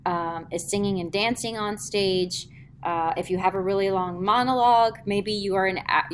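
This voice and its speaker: A woman leads a middle school theatre class, lecturing in a chatty way, filling gaps with "um" and acting things out as she explains. Her voice is medium in pitch and a bit bright, with slight background noise.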